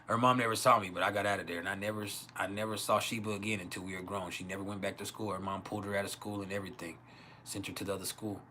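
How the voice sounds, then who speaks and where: Host telling raw stories on a live stream, slightly low and bright, faint room noise. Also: male voice, steady tone, quick pace. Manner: crude, laughing often, acts out quoted voices. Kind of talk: casual storytelling. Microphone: home livestream mic.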